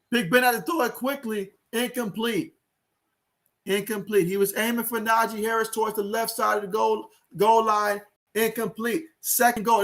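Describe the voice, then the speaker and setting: A man calling a football game play by play on his own livestream, excitable and chatty with his viewers. His voice sits very high for a man. He talks into a home streaming mic. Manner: excitable, talks to viewers, reads out chat comments. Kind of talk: live play-by-play commentary.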